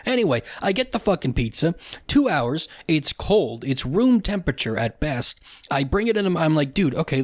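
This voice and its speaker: A man's voice: fairly high pitch, no echo, studio quality. A young man hosting a solo comedy podcast, ranting with profanity and sarcasm and often restarting his sentences. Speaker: podcast host.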